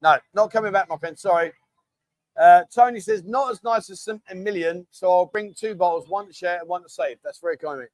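Reading viewer comments aloud on a laid-back livestream, this middle-aged man keeps things chatty and friendly, dropping "mate" again and again. He has a high-pitched voice, talks fairly quickly, and there's no room sound in the clip.

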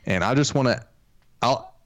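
A man's voice: mid-range voice, normal speed, no room sound, studio quality. A man co-hosting a podcast in a casual, joking chat, reading out headlines and laughing often. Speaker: podcast co-host.

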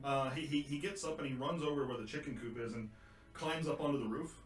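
Laid-back male game master, mid-pitched, rambling narration, echoey room. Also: fast, faint music behind. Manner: relaxed, rambling, many fillers and hedges.

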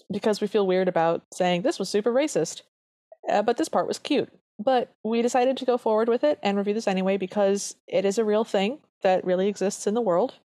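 On a clean studio recording with no room sound, this podcast co-host speaks at medium pitch with a dark tone. She chats about an old cartoon in an earnest, casual review style full of quick asides.

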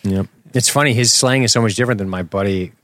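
A man from the United States co-hosting a podcast, swearing freely and joking as he chats casually. His voice sits on the low side. The sound is dry and close. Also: fast talker, fairly bright tone, no room sound. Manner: profane, jokey, laughs often. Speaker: podcast co-host. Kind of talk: casual chat.

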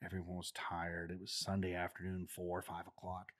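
A man's voice: sits low, normal speed. A middle-aged man, a former Marine, casually telling stories and acting out the voices of people in them. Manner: animated, acts out quoted voices, laughs often. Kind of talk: casual storytelling.

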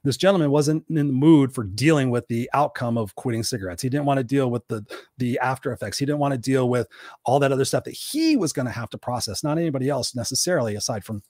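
A man working as a life coach, telling a motivational story in an animated, casual way with some swearing. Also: mid-range voice, quick pace, dry recording, studio quality. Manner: animated retelling with repeated quotes, casual swearing.

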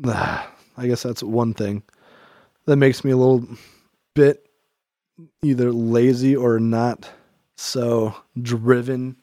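A man's voice: medium pitch, fairly even intonation, takes it slowly, long pauses, mellow, dry recording, clean studio sound. A man talking through his thoughts in a casual faith-themed chat, rambling and reflective, filling his speech with "like" and restarting sentences.

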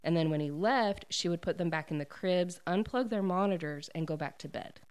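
A woman's voice: fairly low pitch, brisk, darkish tone, clean tone. Chatty woman recapping a story. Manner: retells a plot with many "like"s, acts out quoted lines and laughs often. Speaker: book discussion host. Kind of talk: casual book recap chat.

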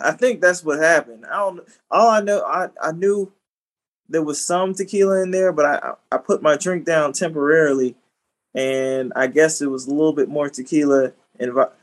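Podcast co-host, male, somewhat high pitch, halting delivery with restarts and chuckles. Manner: hesitant, repeats words, chuckles. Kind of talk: casual storytelling chat.

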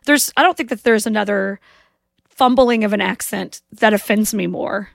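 A woman from the American South co-hosts a casual movie-review podcast. She talks emphatically and gets exasperated. Her voice has a gravelly fry, and it sounds dry and close. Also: mid-range voice, moderate pace, no room sound. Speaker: podcast co-host.

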